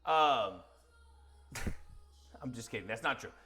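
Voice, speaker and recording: A man co-hosting a podcast, telling a long anecdote in a casual, animated way and acting out the quotes. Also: mid-range voice, slow pace. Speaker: podcast co-host. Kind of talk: casual storytelling.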